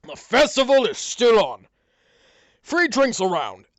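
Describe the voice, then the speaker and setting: A man's voice: very high-pitched, very animated, measured pace, a bit bright, no room sound, dull audio, pitched above the performer's own voice, heavily acted. A man voicing a scheming disguised monster mayor. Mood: pompous announcing.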